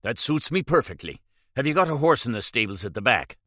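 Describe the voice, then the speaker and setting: A man's voice: medium pitch, very animated, a little fast, a bit bright, no echo, studio quality. A man voicing a bold masked outlaw hero who gives firm, urgent orders in a raised voice.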